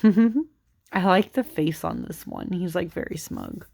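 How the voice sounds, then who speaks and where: A woman's voice: lowish voice, slow, vocal fry, mellow, breathy edge. A young woman casually chatting through a deck of cards, rambling with lots of fillers, giggling, tired and yawning late at night. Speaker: tarot channel host. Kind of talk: casual chatty card flipthrough.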